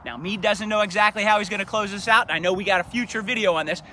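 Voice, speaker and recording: A middle-aged man leads a live talk outdoors on a battlefield, his voice pitched high and bright with an edge. He tells the events as a dramatic story and tosses in rhetorical questions. He sounds like a historian guiding a tour. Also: racing, slight background noise.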